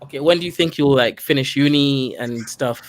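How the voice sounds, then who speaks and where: A man's voice: mid-range voice, normal speed. A man with a Kenyan accent hosting a casual chat, playful and teasing, laughing often. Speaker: host.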